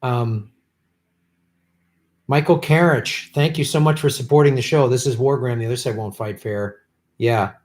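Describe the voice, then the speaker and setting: This political livestream host has a mid-range voice and a normal pace broken by long pauses. Off the cuff, he shouts angry profanities at politicians in a bitter rant.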